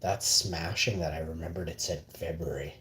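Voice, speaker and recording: A man's voice: very deep voice, steady tone, normal speed, fairly bright tone, reverberant, slight background noise. A man from Canada, rambling drowsily on a casual live stream at home, trailing off into mumbles and half-whispers.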